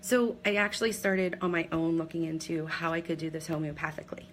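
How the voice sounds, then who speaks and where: A woman in her forties from Pennsylvania talks through her own story on a casual live video, candid and rambling with plenty of ums. Her voice sits a little low. A faint hum runs underneath. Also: fairly even intonation, brisk, poor audio. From Pennsylvania, USA. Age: 40s. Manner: chatty and candid, many ums, laughs at herself. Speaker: direct seller sharing her story.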